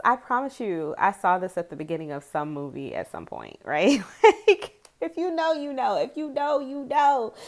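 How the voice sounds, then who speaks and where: Speaking in a mid-range voice, a woman in her forties who makes tarot videos chats casually to camera. She's rambling and chatty and giggles often.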